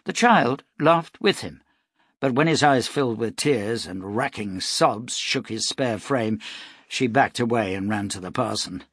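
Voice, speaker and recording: A man narrating an audiobook in a steady, measured storytelling voice. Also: mid-range voice, slightly rough, no echo, clean studio sound.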